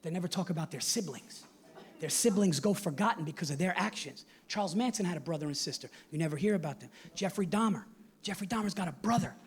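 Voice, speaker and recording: A man in his forties doing animated stand-up comedy on stage, acting out his family in loud put-on voices. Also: high-pitched, fast. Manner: animated, acts out his father with a loud Italian-American voice. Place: comedy stage before a live audience. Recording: live show with audience laughter and noise. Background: audience laughing.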